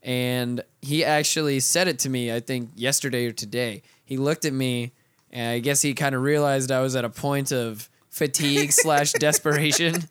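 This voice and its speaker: A man chats casually with his friends on a podcast, telling stories in a loose, profanity-heavy way. His voice is smooth and clear, and the sound is dry and close to the mic. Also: medium pitch, steady tone, normal speed, fairly bright tone, dry recording. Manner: profane, laid-back storytelling. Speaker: podcast co-host. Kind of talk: casual chat.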